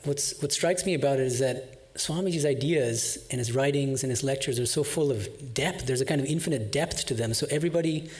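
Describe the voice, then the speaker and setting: A man's voice: mid-range voice, fairly quick, few pauses, darkish tone. A man moderating a program, fluently summing up the talks and thanking the speakers before introducing the next speaker. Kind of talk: formal closing remarks.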